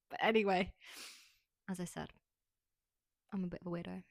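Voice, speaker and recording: Chatty low-voiced woman podcaster. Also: fairly even intonation, moderate pace, long pauses, no room sound. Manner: chatty, frank, heavy use of "like". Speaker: podcast host. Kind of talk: casual monologue.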